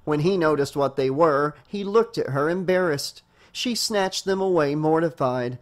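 A man narrating a horror novel as an audiobook reader, with a steady storytelling delivery. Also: fairly high pitch, normal speed.

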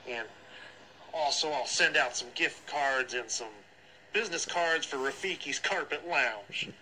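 A man's voice: a little high, measured pace, bright, forceful tone, a little hiss or hum, low-quality recording. A man playing a pompous, self-important joke presidential candidate in a comedy phone message. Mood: boastful.

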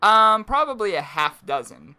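A man's voice: sits high, big pitch swings, normal speed, bright, forceful tone, clean tone. A man in his twenties co-hosting a casual podcast, joking through a mock ad read. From Pennsylvania, USA. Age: 20s. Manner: jokey, mock-announcer ad reads. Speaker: podcast co-host.

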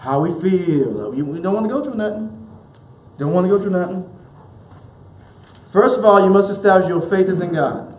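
A man preaches with a high, bright voice, driving points home through repetition and call-and-response. His words ring out in a roomy space with a clear echo. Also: expressive, normal speed. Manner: emphatic preaching, repeats key lines, leads congregation call-and-response. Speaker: minister. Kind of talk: sermon. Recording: roomy echoey room.

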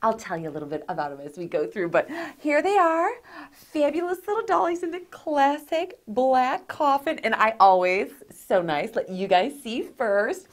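A woman hosting a doll review, talking excitedly and gushing over each detail with gasps of delight. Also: a little high, normal speed. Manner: gushing, gasping with delight, chatty. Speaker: host of a doll review channel.

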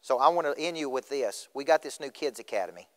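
A man's voice: medium pitch, expressive, fast. A middle-aged man giving a motivational speech, questioning the audience directly. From Tennessee. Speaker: motivational speaker. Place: school auditorium. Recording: reverberant auditorium.

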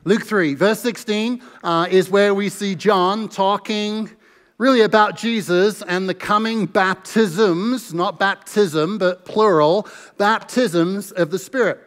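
A man's voice: sits high, slow, a bit bright, in a large hall. An American man, a pastor, preaching an earnest sermon and reading scripture aloud with emphasis. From United States. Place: church sanctuary.

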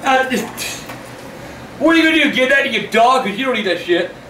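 An older man bellows curses and insults in a piercingly high, shouting voice. He sounds a few steps from the camera mic in an echoey room, with steady background noise. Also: fairly quick, distant mic. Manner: foul-mouthed, bellowing, insulting. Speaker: family vlogger. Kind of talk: shouting family prank video. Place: house indoors.

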